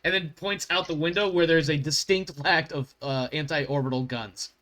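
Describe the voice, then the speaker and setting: A man's voice: on the high side, steady tone, moderate pace, fairly bright tone. A man narrating as game master of a tabletop role-playing game, rambling and correcting himself and swearing at his slips.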